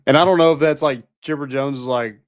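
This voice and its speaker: A young man talks sports in a loose, rambling way, full of "like" and little restarts. His mid-pitched voice sits dry and close to the mic, with no room around it. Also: dry recording. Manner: rambling, lots of likes. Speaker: podcast co-host. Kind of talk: casual sports chat.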